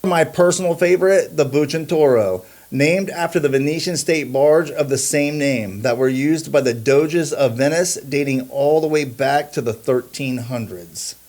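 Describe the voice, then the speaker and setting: A man's voice: fairly high pitch, moderate pace, few pauses, darkish tone. A man hosting a watch review, narrating in a scripted, earnest and admiring way. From United States.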